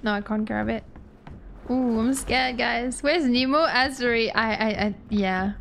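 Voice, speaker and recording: A woman streamer giving first-time gameplay commentary, excitable, laughing and swearing often as she talks to her chat. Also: fairly high pitch, measured pace, vocal fry, slight background noise. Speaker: gaming streamer.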